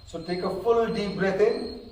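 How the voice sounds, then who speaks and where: A man calmly guiding a group through yoga breathing and counting, slightly out of breath. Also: high-pitched. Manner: calm, counting slowly, gently checking in. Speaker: yoga instructor. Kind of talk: guided breathing instruction. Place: large hall at a live session. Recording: very echoey hall, distant mic, faint noise.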